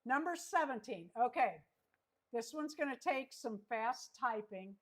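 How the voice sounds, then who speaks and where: A woman hosting a livestream trivia chat, reading each question slowly and repeating it. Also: fairly high pitch, animated. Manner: slow, reads questions twice. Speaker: host.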